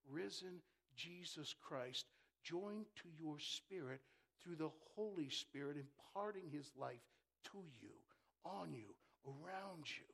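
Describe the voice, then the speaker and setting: A man preaching a sermon as pastor, swinging from impassioned shouts to near-whispers and calling on the congregation to answer. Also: on the high side, gravelly. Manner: impassioned preaching that drops to a hush; calls for congregation responses. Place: church.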